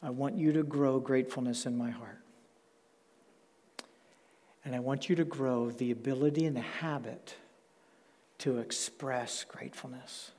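A pastor delivers his sermon in a warm, mellow voice, measured and emphatic, stretching out the words he wants to land. He speaks from the front of a church sanctuary, and long reverb from the hall trails behind each phrase. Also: medium pitch, steady tone. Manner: measured, emphatic, slows down to stress key words.

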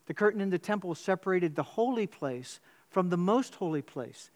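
A man preaching a sermon in church, telling a story with sudden jumps in pitch. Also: expressive, moderate pace. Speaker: pastor.

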